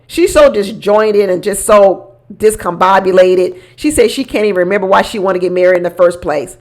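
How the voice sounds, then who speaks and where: A woman's voice: medium pitch, moderate pace. A woman giving sassy, casual commentary on a reality show, talking back to the people on it. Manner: sassy, animated, talks back to people on screen.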